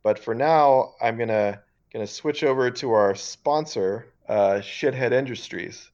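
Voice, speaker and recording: A man playing a hesitant male field reporter who talks in halting bits with many "uh"s. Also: mid-range voice, a little mellow, lo-fi sound, lightly acted. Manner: halting, full of "uh" and restarts.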